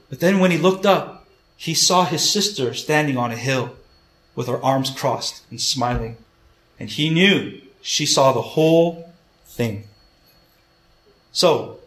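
A man's voice: on the high side, a bit bright. A man preaching a sermon, earnest and emphatic, retelling a story and repeating his key points. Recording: echoey room.

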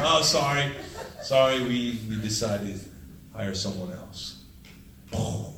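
A man preaching a storytelling sermon as a pastor, acting out conversations with lively jumps in his voice. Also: unhurried, pauses often. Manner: animated, acts out dialogue with big pitch jumps. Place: church sanctuary, heard from afar. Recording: echoey room, distant mic.

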